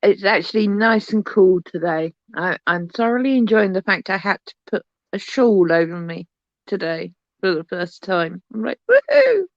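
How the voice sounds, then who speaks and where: A woman's voice: medium pitch, normal speed, no echo. Woman co-host, voice fading, dismissive casual talk, dry muffled sound. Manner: scornful about trolls. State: losing her voice. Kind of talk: casual chat on a live stream. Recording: dull, muffled stream audio.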